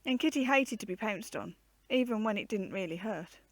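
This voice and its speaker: A woman reading a children's storybook aloud with an expressive, varied storytelling delivery. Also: mid-range voice, normal speed, no echo.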